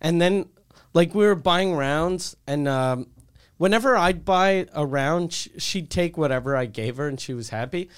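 Loud, crude storytelling man, clear voice. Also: on the high side, animated, moderate pace. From Quebec, Canada. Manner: crude storytelling, acts out the people in his stories. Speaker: podcast co-host. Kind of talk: casual comedic chat.

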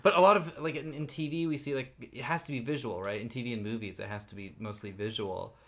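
A man in an easygoing podcast conversation, his voice pitched right in the middle for a man. He rambles and jokes through his points, laughing often along the way. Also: fairly even intonation, fast, fairly bright tone. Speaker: podcast co-host. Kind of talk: casual chat.

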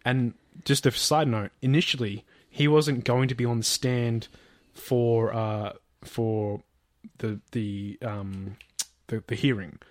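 A man's voice: mid-range voice, steady tone, slow, no room sound. Rambling man telling a story, dry sound. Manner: rambling, lots of fillers, swearing, acts out quotes. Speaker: podcast co-host. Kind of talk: casual storytelling chat.

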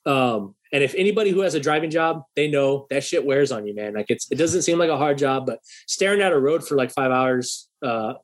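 A man's voice: mid-range voice, fairly quick, hardly any pauses. A young man casually telling a story, swearing freely and acting out a heated argument in quoted dialogue. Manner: profane, animated, acts out heated dialogue.

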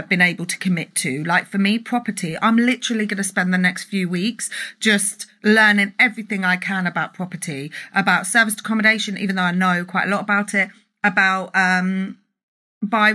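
A woman's voice: mid-range voice, sharp tone. A woman, an entrepreneur and mentor, giving a passionate live-stream rant to an online group, emphatic and swearing freely, recorded on a phone or webcam. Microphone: phone or webcam for a live video.

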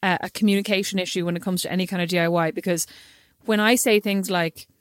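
A woman's voice: on the low side, fairly even intonation, fast, dry recording. An Irish woman co-hosting a podcast, telling stories and teasing in casual chat on a studio microphone. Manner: teasing, storytelling. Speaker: podcast co-host.

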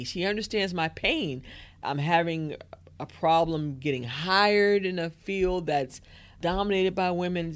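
A woman in her thirties, a guest in an interview, telling a personal story in a lively way and acting out her own thoughts and other people's words. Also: rumbling low. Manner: lively, acts out inner thoughts and quotes.

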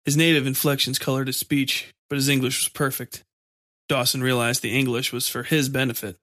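A man narrating a horror story in a steady, measured way. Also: medium pitch, dry recording, clean studio sound.

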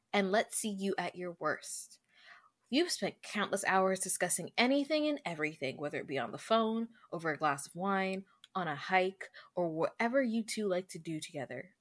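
Chatty bright-voiced woman co-hosting. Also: mid-range voice. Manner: chatty, reads article text aloud, laughs a lot. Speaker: podcast co-host. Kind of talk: casual chat.

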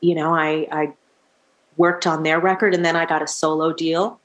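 Animated middle-aged woman telling stories. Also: sits low, normal speed, lo-fi sound. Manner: animated, laughs often, acts out quoted dialogue. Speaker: musician guest. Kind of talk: casual storytelling interview.

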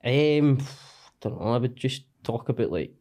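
A man's voice: mid-range voice, animated, unhurried, mellow. A young Scottish man, a comedian guest, rambling and self-deprecating in casual podcast chat.

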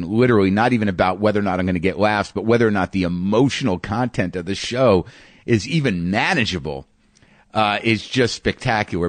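A man, a podcast host and stand-up comedian, telling a story in a halting way, often restarting and repeating words as he searches for them. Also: lowish voice, no echo. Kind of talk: storytelling monologue.

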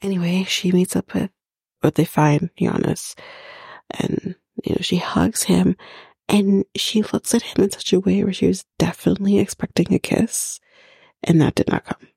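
A woman's voice: on the low side, steady tone, moderate pace, creaky, warm tone, breathy edge, dry recording, clean studio sound. A woman hosting a podcast, recapping a reality show in casual chat, blunt and mocking, swearing freely. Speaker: podcast host.

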